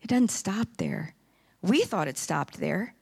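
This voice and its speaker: A woman's voice: medium pitch, expressive, slow, gravelly, husky. A woman giving an impassioned sermon testimony in a church, rising into emphatic preaching. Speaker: church speaker. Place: church sanctuary.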